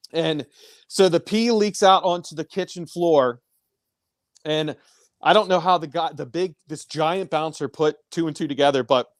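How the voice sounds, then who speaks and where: A boisterous, profane man from a band swapping crude stories on a live stream. His voice sits a bit high, and the sound is close and dry with no room around it. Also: no echo. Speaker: band member. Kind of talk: casual live-stream chat.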